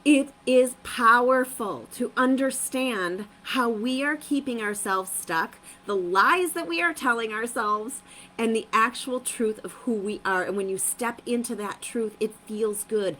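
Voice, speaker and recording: A woman's voice: fairly high pitch, a bit bright, slight background noise, rough recording. A woman hosting a live-streamed motivational talk, upbeat and emphatic, repeating her phrases and laughing often.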